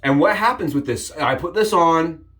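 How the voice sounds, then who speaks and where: A man hosting a casual shaving vlog, upbeat and jokey, rambling with frequent restarts and sudden excited jumps in pitch. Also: moderate pace. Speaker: shaving channel host. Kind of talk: casual shave demonstration vlog.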